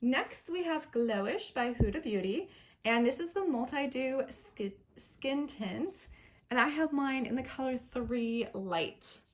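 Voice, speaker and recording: A woman's voice: high voice, expressive, slow. A young woman chatting casually through a makeup review, upbeat and chatty, with little self-deprecating laughs. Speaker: beauty vlogger.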